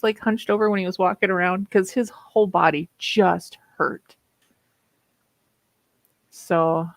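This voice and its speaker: A woman's voice: on the low side, dry recording, rough recording. A woman in her fifties with a Minnesota accent, chatting casually and laughing often while hosting writing sprints. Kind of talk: casual livestream chat.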